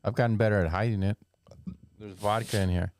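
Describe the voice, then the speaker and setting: A man's voice: fairly low pitch, steady tone, a little fast, darkish tone, slight background noise. A man chatting bluntly on a podcast, laughing easily. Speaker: podcast co-host. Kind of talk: casual podcast chat.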